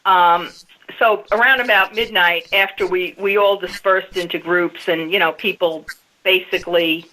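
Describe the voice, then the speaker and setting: A woman's voice: on the low side, fairly even intonation, normal speed, pushed and bright, rough recording. A woman guest on a radio interview, telling a story step by step in a casual way. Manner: storytelling, recounting events step by step.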